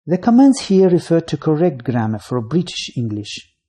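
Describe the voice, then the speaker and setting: A voice narrating a scripted English grammar lesson, reading out rules, lists of signal words and example sentences in a measured way. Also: mid-range voice, sing-song, warm tone, husky.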